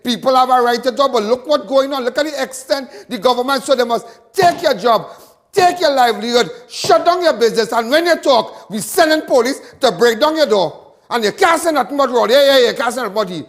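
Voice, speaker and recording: A man's voice: extremely high pitch, lively intonation, a little fast. A Trinidadian man hosting a live crime talk show, delivering a fiery monologue full of repetitions and stammered restarts.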